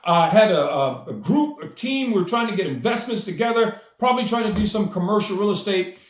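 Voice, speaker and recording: A man's voice: high-pitched, lively intonation, fairly quick, echoey room. A man telling a personal story with enthusiasm, acting out the dialogue as he goes. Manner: enthusiastic, acts out quoted dialogue. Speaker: storyteller and speaker.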